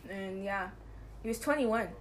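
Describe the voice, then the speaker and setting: A woman's voice: medium pitch, a little slow, a little hiss or hum. A young woman co-hosting a podcast, chatting casually in a giggly, rambling way and apologizing often. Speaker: podcast co-host. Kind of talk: casual chat.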